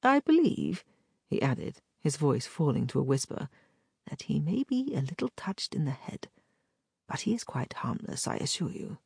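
A woman voicing a smooth, courtly gentleman captain. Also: extremely low pitch, moderate pace, dry recording, clean studio sound, full character voice. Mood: smooth scheming. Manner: flattering, polished and courtly. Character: charming smooth-talking gentleman captain, scheming. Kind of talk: audiobook character voice.

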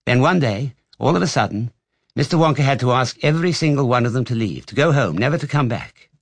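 A man gives voice to a frail old grandfather who lies in bed and loves telling tales. He speaks low and hushed, as if sharing a secret. The reading sounds close and dry, with no room around it. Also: lively intonation, brisk, no echo. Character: very old bedridden grandfather, eager storyteller. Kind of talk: audiobook reading.

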